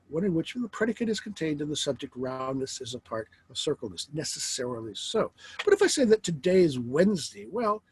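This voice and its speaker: A middle-aged man teaching a philosophy lecture in a wry, lively way, asking rhetorical questions. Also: fairly high pitch, breathy edge, low-quality recording.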